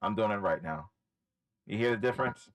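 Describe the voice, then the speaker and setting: A man's voice: lowish voice, brisk, noisy background. A man hosting a live trading stream from home, thinking aloud in casual, rambling commentary. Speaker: livestream trading host. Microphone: desk microphone, wearing headphones.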